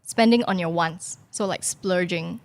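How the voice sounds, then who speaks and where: A woman, a guest in a casual chat, explaining things in a measured way. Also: on the low side.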